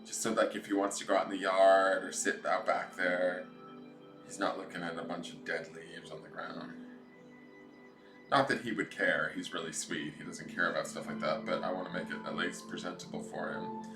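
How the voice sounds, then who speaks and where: A man's voice: sits low, fairly even intonation, normal speed, echoey room, over music. A man with a nasal voice, hosting a tarot live stream from home and chatting goofily with viewers. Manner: goofy, chatty, reads out viewer comments.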